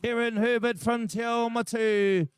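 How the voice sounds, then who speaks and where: A man's voice: very high voice, steady tone, measured pace, clear, resonant tone, no echo, studio quality. A man with a New Zealand accent announcing a shearing contest, joking and chatting with the crowd. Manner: jokey, chatty, banters with the crowd. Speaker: competition announcer. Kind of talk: live event commentary over a PA.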